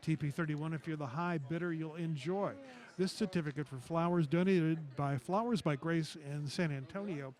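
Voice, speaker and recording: A man announcing auction items on live television, reading each description in a steady, matter-of-fact way. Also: on the high side, normal speed.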